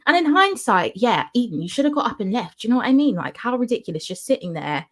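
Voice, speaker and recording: Animated young woman telling a story. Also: a little high, fast talker. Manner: animated, acts out quotes in her story. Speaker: vlogger. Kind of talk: casual storytelling.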